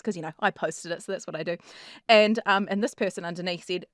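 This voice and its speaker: A woman from New Zealand with a New Zealand accent, co-hosting a podcast with giggly, lively banter. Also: mid-range voice, quick pace, no echo, studio quality. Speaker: podcast co-host. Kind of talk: casual chat.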